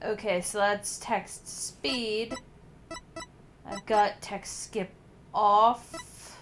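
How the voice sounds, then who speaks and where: A woman's voice: mid-range voice, steady tone, drawn-out words, fairly bright tone, soft background music. A woman streamer chatting casually through a game, laughing often and swearing now and then, with a slight cough as she gets over being sick. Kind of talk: casual let's-play commentary.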